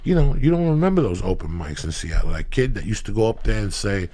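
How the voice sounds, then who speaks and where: A man hosting a podcast, telling profane comedic stories in rambling anecdotes with loud bursts of emphasis. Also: fairly low pitch, big pitch swings, fast talker, hardly any pauses. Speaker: podcast host.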